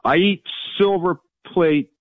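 A man's voice: high-pitched, slow pace, no echo. A man from Virginia calling in to a radio show, chatty and folksy, laughing along with the host. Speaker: caller. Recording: dull phone line.

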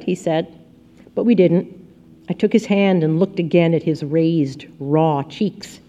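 A woman reads a first-person novel aloud in a soft, intimate storytelling manner. Her voice sits a little low and sounds mellow and warm. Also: normal speed. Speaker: audiobook narrator. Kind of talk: scripted first-person narration.

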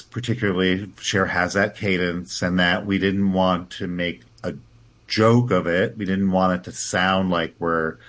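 A man's voice: low voice, a bit bright. A man, a theater director, answering interview questions in a chatty way, laughing often and restarting his sentences.

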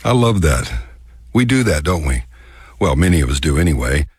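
A man's voice: a bass voice, big pitch swings, slightly rough, dry recording, studio quality. A man from Texas with a Texas accent, telling a scripted radio story in a folksy way and drawing out words to show them. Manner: folksy, drawn-out demonstration of words.

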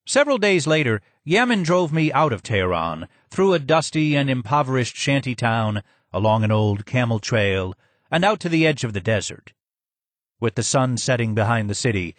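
A man's voice: mid-range voice, big pitch swings, no echo. Man narrating an audiobook, dry sound. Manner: measured and descriptive. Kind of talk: scripted first-person narration.

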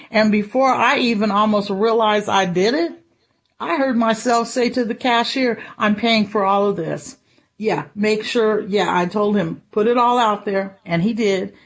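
A woman giving a conversational devotional sermon, chuckling as she tells a personal story and acts out her own thoughts. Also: mid-range voice. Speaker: preacher.

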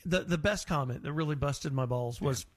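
A man's voice: fairly high pitch, moderate pace, no room sound. A man hosting a casual conversation, rambling and repeating words as he tells stories. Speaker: show host and building restorer.

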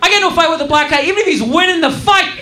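High-voiced comic on a roomy live recording. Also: male voice, rapid-fire, bright, forceful tone. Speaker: stand-up comedian. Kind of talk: stand-up comedy routine. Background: audience laughter.

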